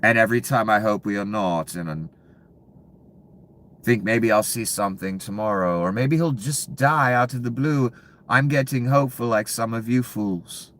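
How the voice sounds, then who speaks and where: A man delivering a profane, angry political rant to viewers, dropping to low mutters and then bursting out loud. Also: measured pace. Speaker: commentary channel host.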